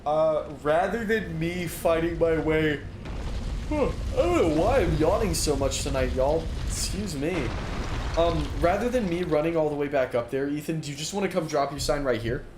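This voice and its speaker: With a roomy echo and faint room noise in the recording, a young man stands in a dorm-style room streaming a game. He chats and rambles with many fillers, reading chat aloud as he plays. His voice is on the high side and darkish, with lively intonation and normal speed.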